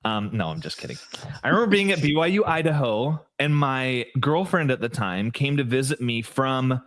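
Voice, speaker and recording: Lively, animated man chatting casually. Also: mid-range voice, normal speed. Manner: animated storyteller, lots of "like" and restarts. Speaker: podcast co-host. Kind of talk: casual chat.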